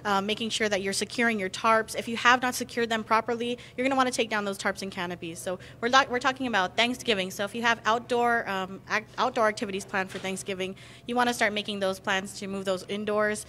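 Brisk woman giving safety advice. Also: mid-range voice, fairly even intonation, bright, forceful tone, a little hiss or hum. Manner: brisk, advisory. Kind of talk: public safety briefing.

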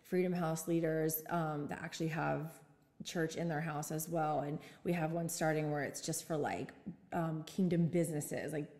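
Woman pastor, somewhat low voice, chatty storyteller, reverberant room, brief note. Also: steady tone. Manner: warm storytelling, quick asides and light laughs. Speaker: pastor and podcast co-host. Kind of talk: casual faith podcast chat.

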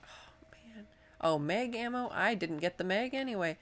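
A woman casually commenting on her own gameplay, chatty and self-deprecating, thinking out loud as she plays. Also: medium pitch, animated, fairly quick. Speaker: let's play host.

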